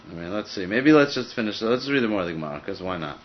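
A man leads a Talmud study group at a brisk clip, working through the text aloud with frequent "I mean" asides. The recording is dull and lo-fi, with a muffled top end. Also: on the low side, animated, slight background noise. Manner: fast, thinking aloud with many "I mean" asides. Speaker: Talmud teacher. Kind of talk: casual study-group teaching.

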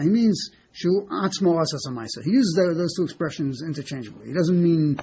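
A man teaching a Talmud class in a halting way, often repeating words and checking in with his listeners. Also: a little high, expressive, vocal fry, mellow. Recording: dull lo-fi recording with faint hiss.

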